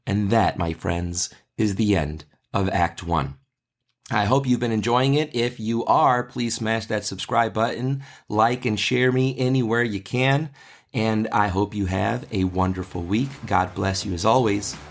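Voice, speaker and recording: A man's voice: lowish voice, a little slow. A man hosting a casual literature lesson podcast, talking in a conversational way and often checking in with "right?". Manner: conversational, keeps asking "right?". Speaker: podcast host teaching literature.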